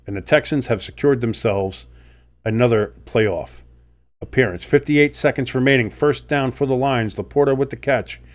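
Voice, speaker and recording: A man with a sick, sniffly voice doing play-by-play commentary and reactions, blunt and swearing freely, jumping up on big plays. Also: medium pitch. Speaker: sports streamer.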